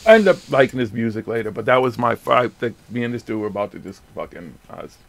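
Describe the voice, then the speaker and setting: Man, radio host, casual chat, profane storyteller, middle pitch. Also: expressive, fast, vocal fry, a bit bright.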